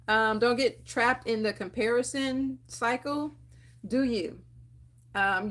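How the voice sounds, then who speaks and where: Young woman vlogger, slightly high voice, animated and encouraging, uplifting talk to camera with lots of "um"s. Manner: animated, laughs often, preachy encouragement with fillers. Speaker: dental hygienist and channel host.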